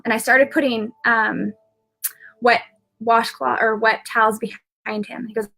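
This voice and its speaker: A woman's voice: on the high side, little pitch movement, normal speed, gravelly, pushed and bright. A woman who works as an intuitive medium, telling a personal story on a live video in a rambling way, with many fillers and restarts.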